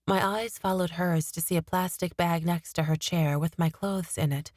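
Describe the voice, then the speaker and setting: A woman narrating a fantasy novel in the first person, steady and expressive, on a studio mic. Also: fairly low pitch, normal speed, no room sound. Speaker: audiobook narrator.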